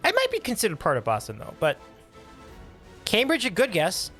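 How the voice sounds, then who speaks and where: A man hosting a casual livestream, reading and answering chat with upbeat, animated talk and frequent laughs. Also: sits high, moderate pace, soft background music. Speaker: livestream host.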